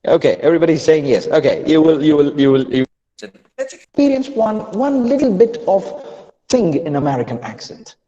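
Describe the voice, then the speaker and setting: A man's voice: fairly high pitch, fairly quick, in a large hall, muffled recording. A man teaching pronunciation in an online lesson, coaxing his students and often restarting his sentences. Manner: animated, coaxing, with repeated restarts. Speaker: accent and pronunciation trainer.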